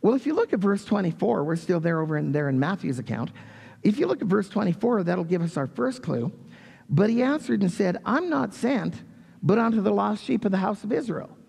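A man preaches in a church, his voice high and husky with a gravelly edge. He swings through a wide, lively pitch range as he reads scripture and acts out the story. A long reverb trails his words around the sanctuary. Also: a little fast. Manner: reads scripture, then animated retelling with raised voice for quotes. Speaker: pastor. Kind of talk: sermon.

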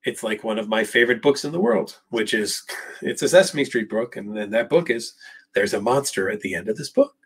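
A man's voice: lowish voice, animated, fairly quick, breathy edge. A man, a psychologist, answering viewer questions on a live Q&A, speaking emphatically and addressing people directly by name. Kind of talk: live Q&A, casual talk.

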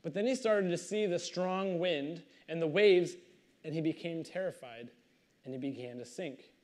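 A male pastor reading scripture aloud and commenting on it in a conversational, animated storytelling way. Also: on the high side, normal speed.

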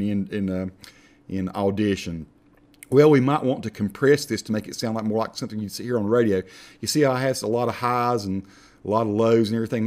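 Low-voiced, chatty man teaching software. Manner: chatty, self-correcting, repeats words while clicking through menus. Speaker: software instructor. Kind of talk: screen-recorded tutorial.

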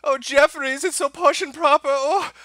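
A man's voice: extremely high pitch, fairly even intonation, moderate pace, bright, forceful tone, no room sound, pitched above the performer's own voice. A man doing a prissy posh English gent. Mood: swooning. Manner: swooning, fussy, mock-refined. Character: prissy posh upper-class English gentleman.

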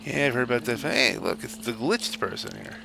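A man quietly commenting on his gameplay in a hushed voice so he will not wake anyone at home. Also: medium pitch, expressive, fairly quick, creaky, rough recording. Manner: hushed, quiet talk to avoid waking others. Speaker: gamer playing and commenting. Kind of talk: let's play commentary. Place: home, early morning. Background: game music.

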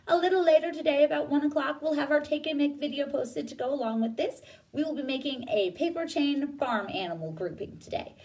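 A woman librarian reading a children's story aloud, gentle and expressive. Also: high voice, brisk, far from the mic, rough recording. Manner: gentle, expressive, sing-song.

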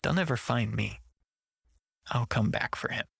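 A man narrating a first-person horror story with a tense, measured reading. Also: mid-range voice, creaky, a bit bright, breathy edge, no echo, studio quality.

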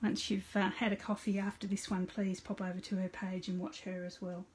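Husky woman demonstrating crafts. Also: mid-range voice, flat delivery, fairly quick. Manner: chatty, greets viewers by name, narrates each step aloud. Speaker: card-making host on a live stream. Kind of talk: casual live craft demonstration.

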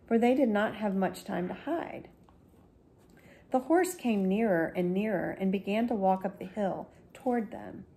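A woman, a school librarian, reading a children's book aloud slowly and gently. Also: medium pitch. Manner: slow, gentle storytelling.

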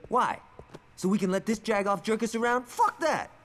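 Hot-headed gangster in a game, swearing, voice swings all over, long reverb. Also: male voice, high-pitched, lively intonation, moderate pace, a bit bright. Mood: angry. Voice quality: profane, aggressive. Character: hot-headed adult male gang member, violent and brash. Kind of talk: video game voice acting.

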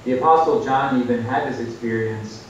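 A man giving an earnest, exhorting sermon over a video call, lifting his voice to stress key points. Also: normal speed. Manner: earnest, exhorting, with rises for emphasis. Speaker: preacher. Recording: echoey, distant, muffled call audio with faint rumble.

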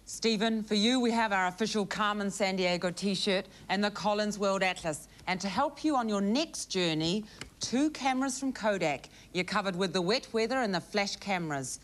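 A woman playing the chief on a game show, giving measured, formal prize announcements. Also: medium pitch, expressive.

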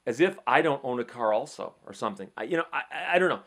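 A middle-aged man hosting a casual legal talk show, telling an animated story with frequent repeats and restarts. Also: medium pitch, fast. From Michigan, USA. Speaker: legal commentary host.

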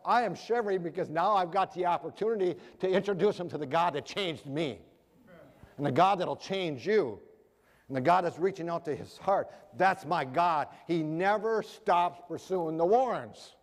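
Earnest male preacher with a high voice, heard with long hall reverb. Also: expressive, normal speed. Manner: earnest, rhetorical questions to the audience. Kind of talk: sermon.

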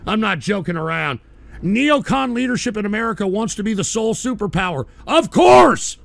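Angry radio host, high gravelly voice, profane shouting rant. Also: male voice, brisk, no room sound. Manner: angry, loud, swearing, shouting at viewers. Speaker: talk radio host reading paid chat messages.

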